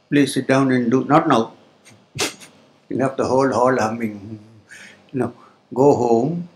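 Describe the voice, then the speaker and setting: A man, a spiritual teacher, giving a spiritual discourse to a live audience in a hall. He explains slowly, pauses often, and chants Sanskrit terms. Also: mid-range voice.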